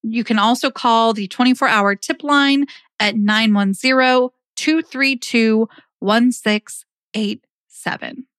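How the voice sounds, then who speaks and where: Podcast host lady, measured and steady, reads numbers out slow, dry sound. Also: fairly high pitch, smooth, no echo. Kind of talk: reading out a case summary.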